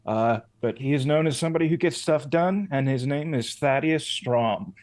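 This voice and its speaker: A man playing in a tabletop role-playing game, answering in short, relaxed remarks. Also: medium pitch, normal speed. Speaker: player. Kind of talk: casual chat at a game table.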